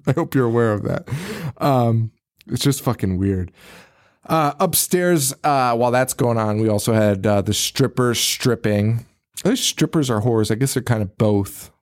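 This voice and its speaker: A man in casual podcast chat, retelling a film scene by scene. He swears freely, laughs a lot and slips into quick impressions of the characters. His voice sits at an ordinary middle pitch. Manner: profane, laughing, acts out characters' lines. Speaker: podcast host. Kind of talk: casual movie recap chat.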